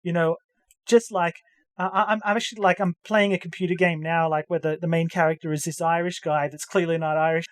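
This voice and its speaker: A podcast co-host chatting casually about anime dubs, halting and full of restarts, slipping into hammy accent impressions. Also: medium pitch, fairly even intonation, dry recording. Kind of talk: casual chat.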